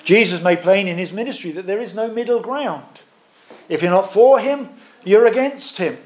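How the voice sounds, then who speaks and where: A man preaching a sermon, earnest and emphatic, with measured pauses. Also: sits high.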